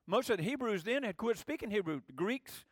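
A high-voiced man preaches in an easy, conversational way, often pushing up louder for emphasis. The sound is dry and close, with no room echo. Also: lively intonation, a little fast. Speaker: pastor. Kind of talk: sermon.

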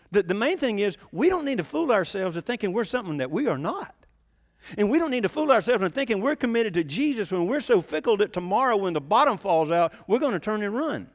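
A man preaching a sermon to a congregation, animated, leaping up in pitch when he voices the people he quotes. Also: a little fast. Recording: long reverb of a large hall.

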